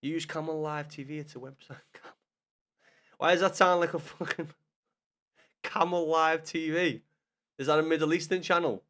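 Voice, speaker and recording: Young man, fairly high voice, live-stream gamer, sweary banter with chat. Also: steady tone, moderate pace, fairly bright tone.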